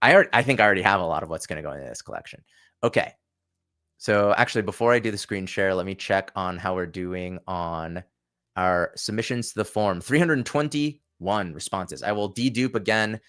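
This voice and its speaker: A man's voice: low-pitched, a little fast, fairly bright tone. A man hosting a casual livestream, chatting and thinking aloud with frequent restarts. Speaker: channel host.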